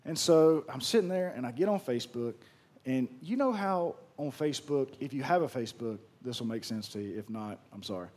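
A man preaching a sermon to his congregation, telling a story in a folksy, animated, conversational way with slangy phrasing. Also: mid-range voice, a little fast. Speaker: pastor.

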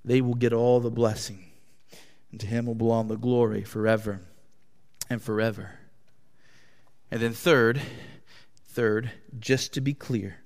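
Guy preaching a sermon, gets loud then drops way down, echoey church. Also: fairly even intonation, a little slow, pauses often. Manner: impassioned preaching with wide swings in pitch and loudness. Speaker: pastor. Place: church hall. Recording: long hall reverb.

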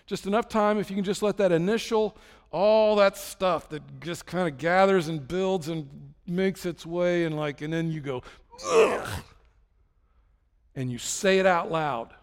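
A man's voice: high-pitched, normal speed, smooth, long reverb tail. A man preaching a sermon in a conversational way, acting out prayers and imagined talks with God. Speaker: pastor.

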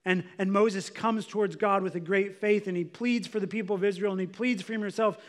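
A man's voice: high voice, steady tone, a little fast. A man preaching a sermon as a pastor, in a conversational way, often saying "like" as he explains. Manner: conversational, filler "like".

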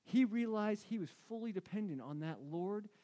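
A male preacher with a fairly high voice for a man, delivering a sermon in a loose, conversational way. He leans on emphasis and says his key lines twice to drive them home. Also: expressive, moderate pace, warm tone. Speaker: pastor.

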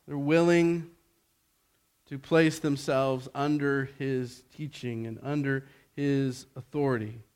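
A man preaching a sermon, swinging between loud exhortation and hushed softness and asking rhetorical questions. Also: mid-range voice, fairly even intonation, takes it slowly, clear, resonant tone. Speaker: pastor.

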